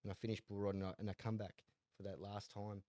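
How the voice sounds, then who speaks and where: Casting: young Australian bloke, low voice, dry close mic, easygoing yarn-spinner. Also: male voice, level tone, fast talker, warm tone, no room sound. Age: 20s. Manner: laid-back, rambling, laughs often, repeats words. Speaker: guest, jockey and horse trainer. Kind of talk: casual interview storytelling.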